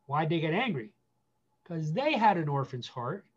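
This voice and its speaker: A man speaking as a guest pastor, giving earnest counsel with emphatic repetition, slowing down to stress key phrases. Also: on the high side, sing-song, breathy edge, dull audio.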